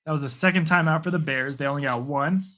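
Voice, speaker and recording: A man hosting live play-by-play and reaction, chatty and casual between quick bursts of calling the action. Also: a little high, pushed and bright. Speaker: host.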